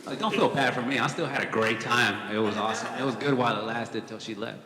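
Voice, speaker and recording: A young man with a medium-pitched voice talks fast during a stand-up comedy set, spinning casual, profane stories punctuated by dry asides. He's on a comedy club stage in front of a live audience, and the echoey recording picks up crowd noise and laughter.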